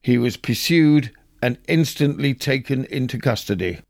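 A man hosting a podcast, reading old newspaper stories aloud with a measured, wry storytelling delivery. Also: medium pitch, lively intonation, gravelly, darkish tone, no echo, studio quality. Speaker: podcast host.

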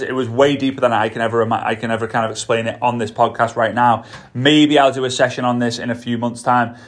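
Hosting his own podcast, a network marketing coach from Liverpool, England speaks with a Scouse accent at a medium pitch. He's enthusiastic and sing-song, repeating words to drive them home.

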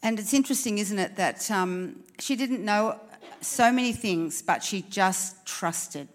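A woman's voice: medium pitch, a little slow. A woman preacher giving an earnest, encouraging sermon at a church service, asking the congregation questions.

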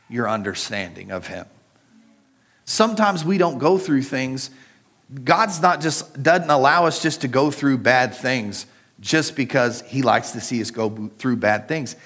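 A middle-aged pastor with a mid-range, slightly bright voice preaches conversationally. He shares a personal story and talks directly to his congregation.

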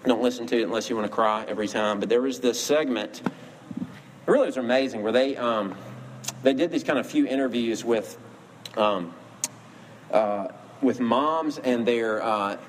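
A man's voice: mid-range voice, moderate pace, long pauses. A man preaching a sermon in an earnest storytelling manner, lifting his voice for emphasis, with faint ambient noise behind him. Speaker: pastor.

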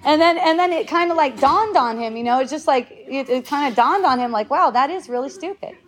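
A woman's voice: sits high, fairly quick. A woman in her fifties talking casually to a group, rambling with restarts, swearing freely and laughing often. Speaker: speaker in a group talk.

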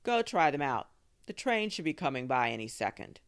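A woman reading aloud and voicing a gray-haired older male neighbor, an easygoing tinkerer who talks loudly with good humour. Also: sits low, sing-song, normal speed. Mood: amused. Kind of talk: audiobook reading.

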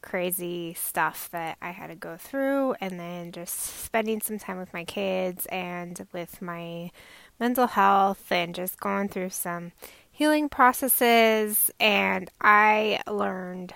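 A woman in her thirties hosting a casual solo podcast, chatty and quick to laugh. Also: mid-range voice, gravelly, dry recording. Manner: chatty, laughs often, warm pet names for listeners. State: recovering from tonsil surgery. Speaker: podcast host.

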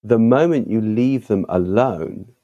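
A man who is a podcast guest and author, telling stories in an animated, emphatic conversational way. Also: on the low side, measured pace, dull audio. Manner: animated, emphatic, with vivid asides. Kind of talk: conversational storytelling.

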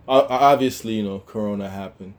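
Rambling man with a lowish voice. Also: a little fast. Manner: loose, rambling, with many fillers and restarts. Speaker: podcast co-host. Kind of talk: casual chat.

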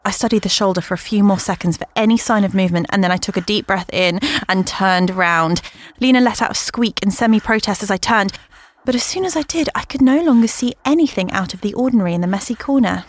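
A woman narrating a first-person horror story in a measured storytelling manner. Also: medium pitch.

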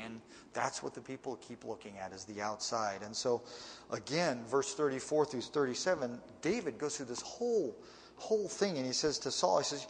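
A man's voice: mid-range voice, lively intonation, fairly quick, a little hiss or hum. Man teaching scripture in a reverberant room. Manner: conversational, plain-spoken asides between readings. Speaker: preacher teaching a Bible passage. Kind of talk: casual Bible teaching, reading verses and explaining.

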